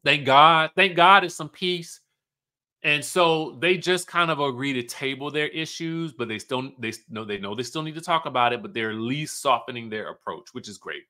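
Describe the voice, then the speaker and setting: A man giving a casual, animated recap of a reality TV episode and acting out the cast's lines as he goes. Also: medium pitch, moderate pace. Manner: chatty and animated, acts out cast members' lines.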